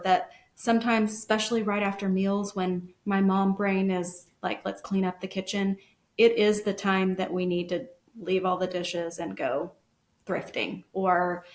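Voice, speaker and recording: A middle-aged woman sharing her story as a guest parent, earnest and animated. Her voice sits at a middle pitch and rings with room echo. The talk is relaxed and conversational. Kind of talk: casual podcast conversation. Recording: echoey room.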